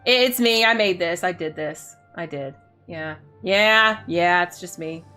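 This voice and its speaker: Bright, playful woman streamer. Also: lowish voice, a little slow, faint music behind. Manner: playful, silly, chats to viewers, giggles. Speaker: game streamer. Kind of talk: casual gaming stream chat.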